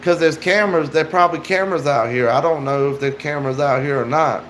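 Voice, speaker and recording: Soft-spoken coaxing man, as a storyteller puts him on, higher voice, wheedling. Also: fast talker, slight background noise, natural voice, rough recording. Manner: wheedling, persistent.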